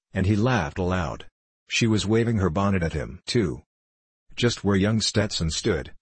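A man narrating a novel aloud in a measured, unhurried storytelling manner. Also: sits low, slightly rough, dry recording. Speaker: audiobook narrator.

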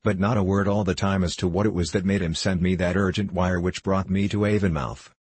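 Male audiobook narrator, deep voice, husky, measured storytelling. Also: steady tone, a little mellow, dry recording. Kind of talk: scripted narration of a classic novel.

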